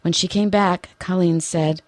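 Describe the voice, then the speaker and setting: A woman hosting a radio interview, soft-spoken and thoughtful, sometimes reading story passages aloud. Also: on the low side, fairly even intonation, a little slow, no room sound.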